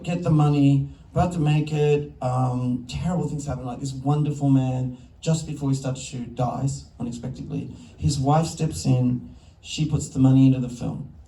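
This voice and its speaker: A man's voice: mid-range voice, moderate pace, few pauses. An Australian man, a film director, telling self-interrupting anecdotes in an onstage festival conversation. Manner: animated, self-interrupting storyteller. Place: festival stage before an audience. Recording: echoey hall, distant mic.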